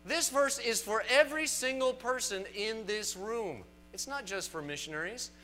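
A man with a Southern US accent preaching a sermon to a congregation, animated and emphatic with folksy asides. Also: high voice, normal speed, soft background music. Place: church sanctuary.

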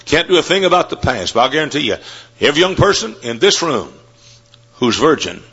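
A Baptist preacher delivers a sermon from the pulpit of a college chapel, spinning folksy stories before driving hard at his points, his manner climbing into emphatic preaching. His man's voice is fairly high, very animated and fairly quick, sharp with a breathy edge. The recording is dull and lo-fi.

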